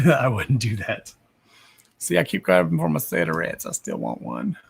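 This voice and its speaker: A man's voice: medium pitch, huge pitch swings, measured pace, gravelly, breathy edge. A young man hosting a psychic reading livestream, chatting casually with viewers by name, swearing freely and laughing often.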